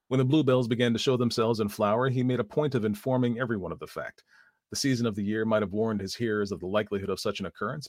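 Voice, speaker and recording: A man reading a story aloud as narrator in a measured, even manner. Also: on the low side, no echo, studio quality.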